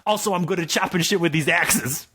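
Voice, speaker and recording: A man's voice: sits high, fairly quick, slightly rough, voice pushed up, full character voice. A man voicing a small, boastful male dwarf warrior who talks in swaggering street slang. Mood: cocky. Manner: swaggering slang, loud and cocky.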